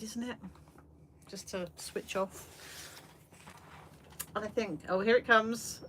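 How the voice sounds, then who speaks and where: A slow, fairly bright mid-range voice belongs to an English art livestreamer in a small shed studio. Her intonation stays fairly even while she chats casually, laughs at herself, and rambles with fillers. Faint background noise is audible.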